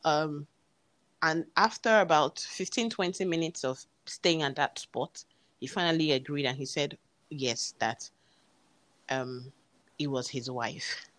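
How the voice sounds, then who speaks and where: A woman's voice: low-pitched, unhurried, fairly bright tone, no room sound. A woman, earnestly retelling a personal story and acting out the dialogue. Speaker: guest telling her story.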